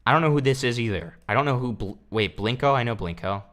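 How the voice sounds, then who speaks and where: A man hosting casual reaction commentary, crude and sarcastic, swearing constantly and dropping into low mumbled asides. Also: animated, quick pace, fairly bright tone. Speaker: commentary host.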